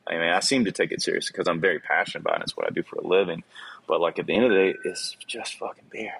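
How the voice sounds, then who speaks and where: A man's voice: deep voice, animated, rapid-fire, gravelly, fairly bright tone, slight background noise. A man who runs a small brew pub, talking in a rambling, profane, passionate way in a casual podcast interview. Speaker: brewer, brew pub owner.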